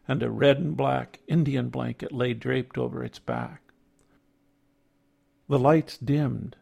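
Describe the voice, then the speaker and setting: An older man narrating a reflective personal essay in a measured, contemplative way. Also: medium pitch, creaky, darkish tone, slightly rough.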